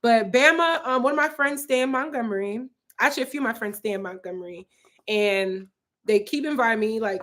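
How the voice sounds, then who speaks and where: A woman from Philadelphia in her twenties talks fairly quickly in a bright voice on the high side. Hosting a livestream from her apartment, she reads viewer comments and rambles on, peppering her speech with "like" and "um."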